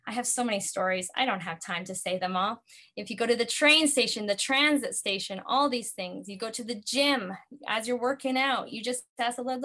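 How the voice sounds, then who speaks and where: Woman ministry facilitator, higher-pitched, earnest storyteller teaching from experience. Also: fairly bright tone. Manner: earnest, storytelling, quotes her own prayers. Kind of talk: teaching talk with personal stories.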